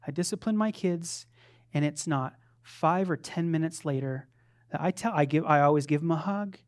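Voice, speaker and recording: A man preaching a sermon, moving between loud fervent declarations and soft, conversational asides. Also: fairly high pitch, moderate pace. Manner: acts out quoted voices of his children playfully. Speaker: pastor.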